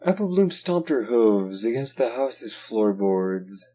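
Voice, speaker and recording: Slow dark-voiced man narrating horror. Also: medium pitch, very animated. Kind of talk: dark horror story reading.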